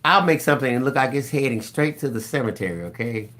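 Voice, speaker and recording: A man's voice: medium pitch, fast talker. A man co-hosting a live craft stream, casually chatting and reading out viewer comments with jokes. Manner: animated, reads comments aloud, jokey.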